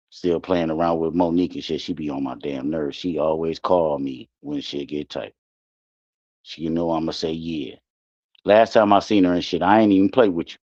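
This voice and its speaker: A man's voice: rumbling low, darkish tone, no room sound, highs cut off. A man telling loose, profane stories in casual livestream chat. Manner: loose, profane, rambling storytelling. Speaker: guest on a livestream show.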